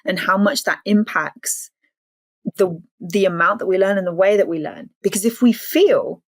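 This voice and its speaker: A woman's voice: medium pitch, moderate pace, dry recording. A woman from the English Midlands with an English accent, a language consultant chatting as an interview guest and laughing easily. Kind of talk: casual interview chat.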